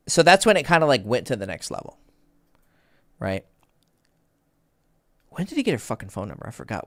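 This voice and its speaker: A man in his thirties tells a story as a dating coach, swearing freely and stopping to correct himself. His pitch swings up and down a lot. The recording is close and dry. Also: a bit bright, no room sound. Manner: rambling, profane, self-correcting. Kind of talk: casual storytelling.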